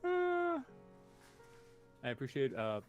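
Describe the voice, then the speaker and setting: A man co-hosts a live stream in relaxed, rambling chat, often padding his sentences with "like". His pitch sits in an ordinary middle range. Faint music runs underneath. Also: slow, narrow, tinny audio. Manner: laid-back, rambling, says "like" a lot.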